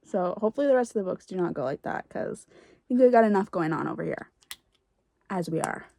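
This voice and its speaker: A woman's voice: on the low side, lively intonation, fast, creaky, dark tone, no echo. A young woman reacting to a book in a casual reading vlog, gushing and exasperated by turns. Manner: gushing, exasperated, laughs and rants. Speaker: book vlogger.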